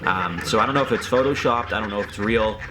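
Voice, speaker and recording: A man's voice: fairly low pitch, fast, noisy background. A man hosting a reaction video, talking in a rambling, hesitant, joking way. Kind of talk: casual commentary.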